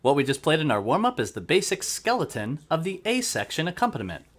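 A man's voice: fairly high pitch, sing-song, quick pace, soft background music. A man teaching accordion who explains methodically and counts beats aloud. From United States. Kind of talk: instructional music lesson. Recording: accordion playing throughout.

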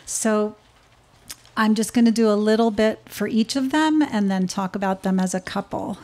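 A nervous woman speaking at a memorial service in a church, reading a children's story aloud with a few halting restarts. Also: mid-range voice, a little mellow.

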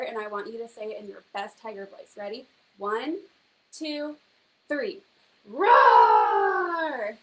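A woman's voice: on the high side, a little hiss or hum, rough recording. A young woman reading a picture book aloud to children in a teacherly way, stopping to ask them questions. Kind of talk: children's story time reading.

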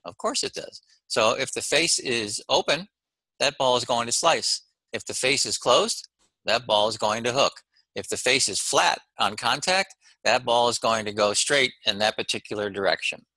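Emphatic man coaching, bright dry voice. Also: medium pitch, moderate pace, no room sound, poor audio. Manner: emphatic, repeats points in short punchy phrases; friendly, conversational, checks in with "okay?". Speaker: golf mental-game coach. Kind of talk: recorded course lecture to camera.

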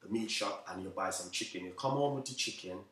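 A man with a Jamaican accent, a chef hosting a live cooking stream, chatting to viewers in quick, repetitive talk and often saying "you know what I mean". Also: fairly low pitch, a bit bright, reverberant, distant mic. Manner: talks fast, by his own account.

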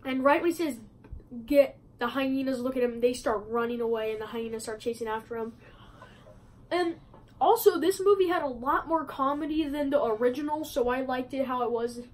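A woman with a high, light voice talks casually to her viewers, rambling and restarting with plenty of fillers. She is recording a review vlog away from her usual spot, at a friend's house. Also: brisk, poor audio. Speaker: movie review vlogger.

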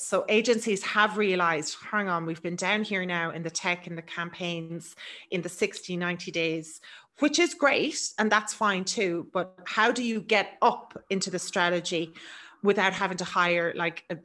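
A middle-aged woman with an Irish accent giving a quick, chatty business webinar presentation. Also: on the low side, bright, forceful tone. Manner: fast, chatty, laughs easily.

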